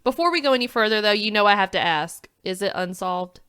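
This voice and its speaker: Female podcast host, mid-pitched, upbeat and chatty, dry close mic. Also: expressive, fast talker, bright, forceful tone, clear, resonant tone, dry recording. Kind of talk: casual chat.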